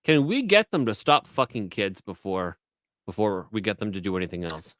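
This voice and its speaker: Lively bright-voiced Canadian man. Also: on the low side, moderate pace, dry recording. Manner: animated, joking, mimics others' voices. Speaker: podcast guest. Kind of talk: casual podcast chat.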